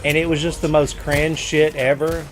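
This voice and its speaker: A middle-aged man hosting a gaming stream, loud and joking with friends. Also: on the high side, level tone, normal speed, slight background noise. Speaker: streamer host. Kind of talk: casual gaming chat.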